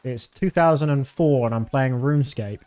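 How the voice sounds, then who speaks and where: A man's voice: mid-range voice, moderate pace, darkish tone. A man in his thirties giving casual, rambling commentary while streaming a game, with many fillers.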